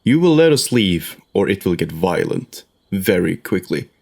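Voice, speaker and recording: A man's voice: deep voice, very animated, vocal fry, a little mellow, exaggerated voice. A man doing a menacing adventurer. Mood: threatening. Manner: cold, threatening, deliberate. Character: menacing male adventurer threatening a guard.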